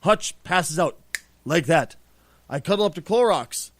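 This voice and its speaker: A middle-aged man tells a story on a podcast, loose and full of swearing. His voice sits high for a man and swings widely as he acts out quotes. The sound is dry and close. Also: measured pace, no room sound. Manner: profane, animated, acts out quotes. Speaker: podcast host. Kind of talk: casual storytelling.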